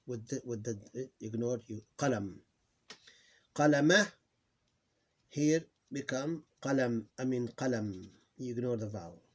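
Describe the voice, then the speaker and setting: A man's voice: mid-range voice, warm tone. Man teaching reading, patient and self-correcting. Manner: patient, repeats words slowly, self-correcting. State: tired. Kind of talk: informal recorded lesson.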